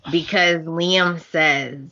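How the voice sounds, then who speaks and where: A woman retelling soap opera scenes in a relaxed podcast chat, slipping into the characters' lines as she goes. Her voice is bright and a little low, and she takes her time. The recording sounds slightly dull. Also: drawn-out words. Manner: animated storyteller, acts out scene quotes with laughs. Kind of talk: casual chat.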